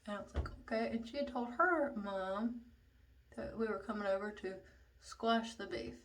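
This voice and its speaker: A woman's voice: medium pitch, normal speed. Profane chatty woman telling a story. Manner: chatty, profane, drops into whispers for asides. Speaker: vlogger. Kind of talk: casual storytime. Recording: slightly distant mic, faint noise.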